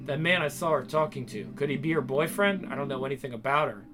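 A man's voice: mid-range voice, expressive, quick pace, noisy background, natural voice. A man voicing a worried middle-aged father who broods in a tense inner monologue in an amateur voice-acted drama. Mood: brooding.

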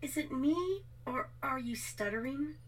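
A woman's voice: high voice, expressive, a little slow, rough recording. A woman voicing a sleepy, irritated young woman who talks in a dismissive drawl. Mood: annoyed.

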